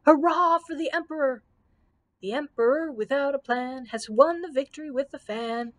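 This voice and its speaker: A woman doing an excitable little servant. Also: on the high side, measured pace, no echo, lightly acted. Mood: jubilant. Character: small, devoted male servant, excitable.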